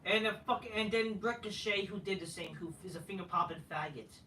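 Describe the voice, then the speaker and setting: A man's voice: sits high, a little fast, pushed and bright, a little hiss or hum. A man ranting as he reviews a wrestling show, profane and rambling with many fillers. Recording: echoey room, distant mic.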